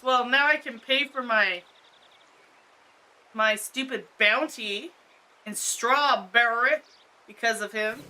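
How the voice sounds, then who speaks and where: Woman streamer, casual gameplay chatter, slow, slightly high. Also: sharp tone. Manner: chatty, laughs often, thinks aloud. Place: home, cat on her lap.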